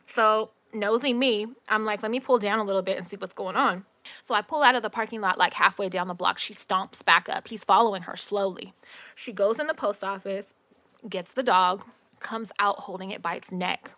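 Profane, animated woman telling a story. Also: medium pitch, normal speed, dry recording. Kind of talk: casual chat.

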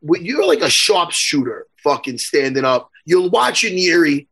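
A man hosting a casual interview, loud, joking and swearing a lot. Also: fairly high pitch, big pitch swings, moderate pace, husky. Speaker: host.

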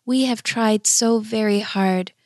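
Lady doing a sad young queen, teary and pleading, slow. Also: a little high, fairly even intonation, no echo, studio quality. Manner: tearful, pleading. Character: grieving young queen, desperate for a baby.

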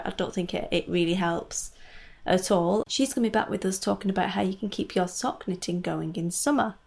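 A woman's voice: mid-range voice, darkish tone. A woman hosting a casual knitting podcast, chatting in a rambling way with lots of asides. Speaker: podcast host. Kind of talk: casual solo podcast chat. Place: home in Scotland.

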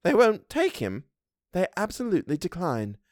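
An anxious, earnest young governess, as a male reader puts her on, her lines pitched a little above his own voice. She speaks in a measured way, with lively rises and falls. The sound is close and dry. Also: no echo. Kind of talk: audiobook reading of a classic story.

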